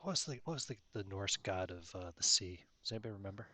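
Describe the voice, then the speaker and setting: A man's voice: low-pitched, lively intonation, quick pace, background noise. A man running a tabletop game, chatting offhand and correcting himself as he talks. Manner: offhand, self-correcting, joking. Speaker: game master. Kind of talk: casual out-of-character chat.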